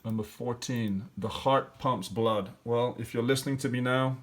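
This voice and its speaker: A man's voice: mid-range voice, fairly even intonation, moderate pace. A male teacher walking through grammar and spelling exercises step by step, thinking aloud with fillers. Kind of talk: classroom lesson walkthrough.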